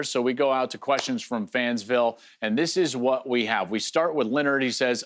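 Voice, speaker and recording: Lively middle-aged man answering fan questions. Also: on the high side. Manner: conversational, animated, with fillers and restarts. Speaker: sports analyst hosting a web show.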